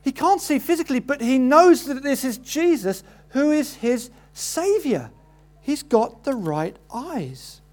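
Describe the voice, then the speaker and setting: Animated male preacher. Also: unhurried. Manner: animated, acts out quoted voices with rising pitch. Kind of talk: sermon.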